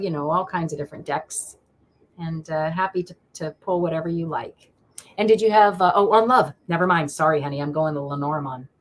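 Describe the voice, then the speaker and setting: A woman with a low voice gives live-stream tarot readings, with a little hiss or hum in the audio. Affectionate and rambling, she laughs often and gets emotional.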